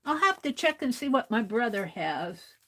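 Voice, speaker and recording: A woman's voice: a little high, very animated, normal speed, fairly bright tone. A woman hosting an art livestream, chatting casually while she draws and reading viewer comments aloud with easy laughter.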